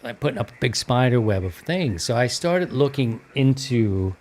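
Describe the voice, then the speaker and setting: A man's voice: medium pitch, animated, normal speed, a little mellow. A man hosting a radio-hobby podcast in a loose, rambling, casual chat with many fillers. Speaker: podcast host.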